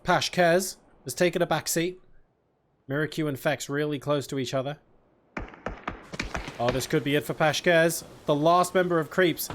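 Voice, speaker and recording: A male esports caster with a high, bright-edged voice calls the match live, talking fast and leaping up in excitement on big plays. He speaks close into a headset mic. Game gunfire and clicks sound clearly behind him. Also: background noise. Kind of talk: live play-by-play commentary.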